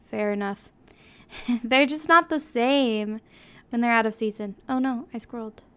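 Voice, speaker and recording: A woman streaming a story game, reading it aloud with soft, giggly, rambling asides. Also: on the high side, measured pace, clear, resonant tone. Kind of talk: let's play commentary.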